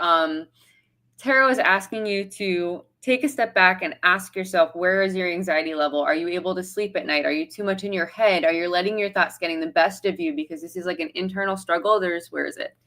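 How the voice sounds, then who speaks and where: A woman's voice: medium pitch, fairly bright tone. A woman doing a tarot reading on a live stream, talking casually. She explains what each card means in a chatty, easygoing way. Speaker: tarot reader. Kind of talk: casual livestream chat.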